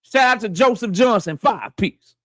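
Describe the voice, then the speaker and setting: Guy with a high voice running a live stream, slangy shout-outs, aave, dry close mic. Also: lively intonation, moderate pace, no echo. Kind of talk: casual live stream chat.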